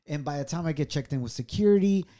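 A man's voice: lively intonation, quick pace. A man telling a personal story on a couple's podcast, earnest and reflective, his voice rising and dropping with feeling. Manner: earnest, reflective, swings from low and quiet to raised. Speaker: podcast co-host.

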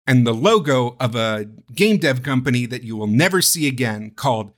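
Animated, rambling male podcast host. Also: mid-range voice, normal speed. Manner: animated, rambling, swears freely. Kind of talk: casual chat.

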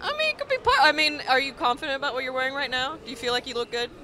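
Bright-voiced woman with an American accent. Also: high voice, expressive, racing, slight background noise. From Russia. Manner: chatty, frank and laughing easily. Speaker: interviewee. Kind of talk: casual street interview.

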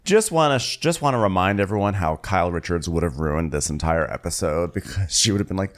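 A man's voice: sits low, expressive, fast talker, hardly any pauses. A man co-hosting a casual comedic recap chat, mimicking the people he quotes in exaggerated tones. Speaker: podcast co-host recapping a reality show.

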